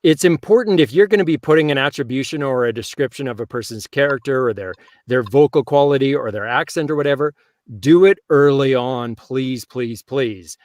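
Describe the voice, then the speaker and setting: A man's voice: mid-range voice, fairly quick, darkish tone, no echo, studio quality. A man hosting a casual panel chat, conversational with emphatic asides. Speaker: host and audiobook narrator.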